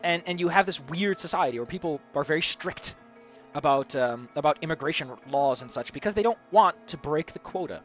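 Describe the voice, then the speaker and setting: A man's voice: fairly high pitch, a little fast, soft background music. A man musing aloud in a casual, rambling monologue about tabletop game ideas, stumbling over repeated words as he goes. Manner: rambling, many repeated restarts. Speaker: tabletop game video host.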